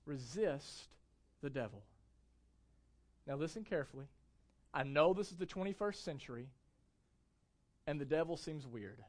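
A man's voice: on the high side, lively intonation, normal speed, long pauses. A young adult man giving a church sermon as pastor, speaking with emphasis and asking the congregation frequent rhetorical questions.

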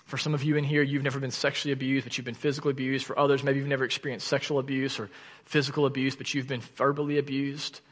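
Earnest pastor in a reverberant hall. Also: male voice, medium pitch, rapid-fire. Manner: earnest, animated storytelling, drops to soft intensity. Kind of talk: sermon with personal story. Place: church sanctuary.

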